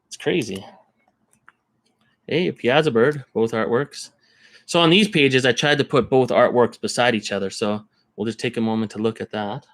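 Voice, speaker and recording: Browsing listings on a live stream, a card collector from Canada rambles and thinks out loud at a moderate pace. His mid-pitched voice has a fairly bright tone, captured dry and close with no room around it.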